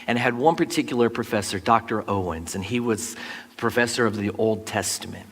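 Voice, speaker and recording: A pastor telling stories from the pulpit in a relaxed, folksy way, with asides to the congregation. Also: male voice, lowish voice, brisk, husky. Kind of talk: conversational storytelling sermon. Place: church sanctuary. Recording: long reverb of a large church hall.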